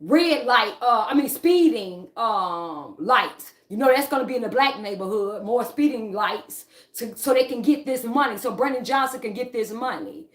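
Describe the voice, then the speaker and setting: A woman's voice: on the high side, expressive, moderate pace, hardly any pauses. Heated woman ranting, roomy echo. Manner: agitated, repetitive, addresses viewers as y'all. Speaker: online fitness and politics vlogger. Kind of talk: casual heated livestream rant.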